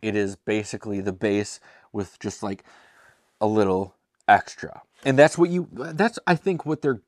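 Chatty, excited man with a low voice. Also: unhurried, no room sound, clean studio sound. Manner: enthusiastic, chatty, with self-deprecating asides. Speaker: beer reviewer and show host. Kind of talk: casual tasting review.

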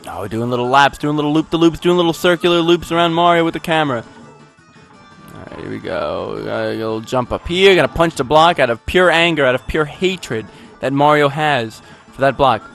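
A man's voice: a little high, expressive, a little fast, creaky, fairly bright tone, faint music behind. A man playing a video game and narrating it in a rambling, goofy, self-mocking way, with sudden outbursts. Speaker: let's play gamer. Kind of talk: game commentary.

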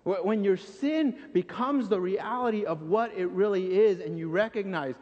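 A man preaching a sermon in a church sanctuary, animated, acting out scenes and repeating phrases for emphasis. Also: high voice, moderate pace. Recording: dull recording with long church reverb.

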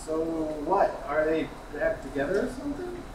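A man's voice: fairly high pitch, huge pitch swings, moderate pace. A man playing a snide young customer. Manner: snide, petulant. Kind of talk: staged reading of a TV script. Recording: echoey room, mic far, loud noise.

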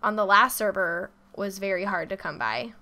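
A woman's voice: medium pitch, moderate pace, bright, forceful tone. A woman hosting a casual Minecraft let's play, chatting playfully and teasing her co-player. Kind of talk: casual gameplay chat.

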